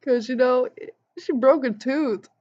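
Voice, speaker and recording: A young woman vlogger telling an animated story and acting out the quotes in voices. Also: high voice, slow pace. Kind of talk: casual storytelling vlog. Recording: dull lo-fi sound.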